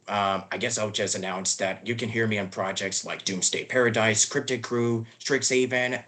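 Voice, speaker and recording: A man hosts a podcast in an upbeat, chatty way, his mid-pitched voice bright and forward. He keeps things loose and informal, with plenty of fillers. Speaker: podcast host, voice actor. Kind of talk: casual podcast chat.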